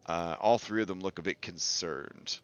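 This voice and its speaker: A man narrating as game master in a tabletop game, unhurried and full of fillers. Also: deep voice, clean tone.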